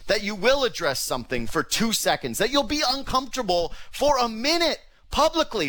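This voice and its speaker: Bright-voiced, ranting sports talk host. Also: male voice, sits high, very animated, normal speed. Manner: ranting, exasperated, swears casually. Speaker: sports radio podcast host.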